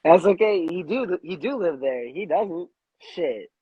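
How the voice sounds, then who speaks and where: Husky man co-host, lo-fi sound. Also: fairly high pitch, big pitch swings, slow pace, no room sound. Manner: easygoing, cursing, enthusiastic slang. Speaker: podcast co-host. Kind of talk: casual chat. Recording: dull lo-fi dry sound.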